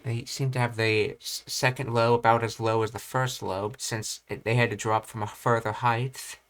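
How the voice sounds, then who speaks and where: Smooth, flat-voiced man. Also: mid-range voice. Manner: thinking aloud, halting with restarts. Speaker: language teacher. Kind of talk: reading and commenting on study material.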